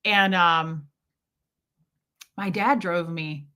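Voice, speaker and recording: A woman's voice: lowish voice, very slow, sharp tone, smooth. A woman hosting a casual livestream, telling jokey stories and greeting viewers by name mid-sentence. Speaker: livestream host reading chat.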